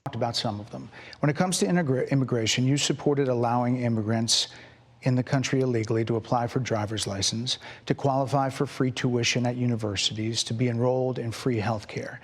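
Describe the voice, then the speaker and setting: A man's voice: medium pitch, steady tone, a little fast, long reverb tail. A man as a television interviewer asking persistent, probing questions. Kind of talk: pressing broadcast interview questions.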